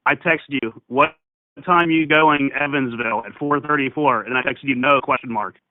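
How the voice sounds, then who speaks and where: A man's voice: medium pitch, moderate pace, no echo. Man calling in over a tinny phone line. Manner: crude, swearing, rowdy. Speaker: caller. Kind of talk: casual banter on a phone call. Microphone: phone call on speaker.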